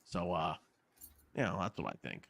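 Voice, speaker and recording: A man's voice: sits low, very animated, normal speed, gravelly, fairly bright tone, no echo. A man co-hosting a casual podcast, rambling candidly and swearing casually. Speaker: podcast co-host. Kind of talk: casual chat.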